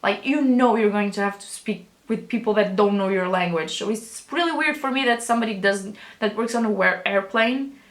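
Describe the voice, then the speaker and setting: A woman's voice: medium pitch, moderate pace, reverberant. A young woman vlogger telling a storytime in a rambling, chatty way, with casual swearing and many restarts. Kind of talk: storytime vlog.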